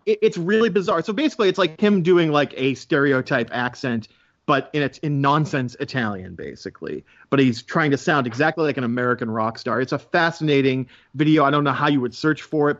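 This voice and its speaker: A man co-hosting a podcast, telling stories in an animated, playful way. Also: medium pitch, brisk, dry recording, lo-fi sound. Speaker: podcast co-host. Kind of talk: casual chat.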